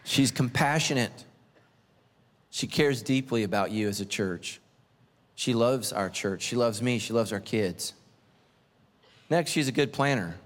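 A man, the senior pastor, preaching a humorous sermon as an animated, self-mocking storyteller. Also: mid-range voice, a little slow, long pauses, big-room sound.

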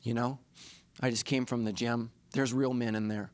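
A man's voice: medium pitch, fairly even intonation, normal speed, no echo. A middle-aged man, a pastor, preaching a sermon in a confessional, self-deprecating way that builds to impassioned preaching.

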